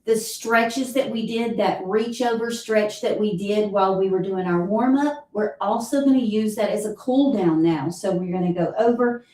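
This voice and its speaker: A woman with a Southern US accent leading a live exercise class, counting reps and giving steady cues, heard from a distance in an echoey room. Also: mid-range voice, moderate pace, few pauses, slight background noise. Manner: counts reps aloud, encouraging cues, clears throat often. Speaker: fitness instructor. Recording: roomy echo, voice from far off.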